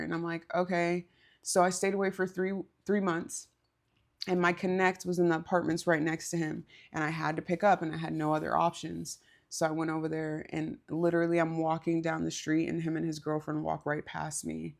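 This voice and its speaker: A woman's voice: deep voice, level tone, moderate pace, vocal fry. A woman co-hosting a podcast, telling a story in a candid, casual way, swearing and laughing as she goes. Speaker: podcast co-host.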